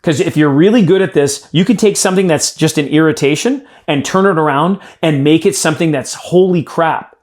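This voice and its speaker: A man leads a live sales training session, speaking emphatically and turning straight to his group as he coaches. His voice sits slightly on the higher side for a man. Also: brisk, few pauses.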